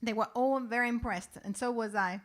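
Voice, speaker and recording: A woman with a fairly high, steady voice talks fairly quickly while co-hosting a casual livestream from home. Playful and chatty, she drops Italian phrases and hesitates with ums as she recounts facts.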